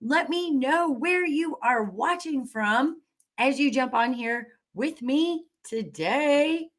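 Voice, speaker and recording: A woman's voice: high-pitched, animated, slow pace. A middle-aged woman hosting a live stream into her webcam, bubbly and enthusiastic, greeting viewers and cheering with whoops. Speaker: livestream host.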